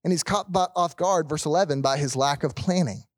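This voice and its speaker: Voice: mid-range voice, no echo. Dry, close preacher voice. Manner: asks "right?" to check in with listeners, repeats words when restarting; reads scripture aloud, then explains it slowly. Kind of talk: expository sermon.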